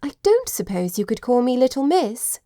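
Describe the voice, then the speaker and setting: A woman voicing a warm, lively young lady with bright, eager speech. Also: on the high side, normal speed, dry recording, clean studio sound, voice pushed up.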